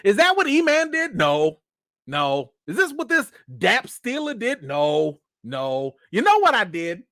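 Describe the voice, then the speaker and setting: Male stream host, lively, self-mocking storyteller, slangy delivery, dry sound. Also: high voice, unhurried, no echo. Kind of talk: casual storytelling.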